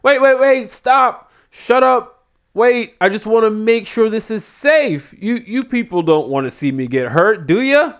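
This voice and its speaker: A man's voice: sits high, lively intonation, a little slow, smooth, pitched above the performer's own voice. Give me a panicky wrestler with a raised, frantic voice, as a man acts him out, stammering repeats. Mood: pleading. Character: panicky male wrestler backing out of a stunt.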